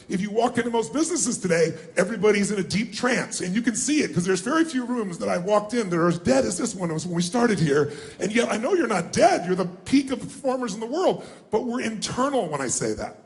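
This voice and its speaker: High-pitched man pumping up a crowd. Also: echoey room. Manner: energetic, calls out questions and prompts the crowd to answer. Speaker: motivational speaker. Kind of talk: live seminar talk to an audience. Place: large room with a live audience.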